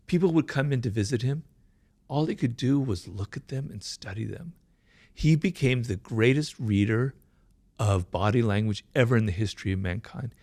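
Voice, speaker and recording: A middle-aged man speaks as an interview guest, with a mid-pitched, gravelly voice. He talks quickly and emphatically and keeps tossing in "right?" to check that you follow. The sound is dry, with no room echo. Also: a little mellow. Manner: fast-talking, admits his mind races; emphatic, peppers points with "right?". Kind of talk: conversational interview.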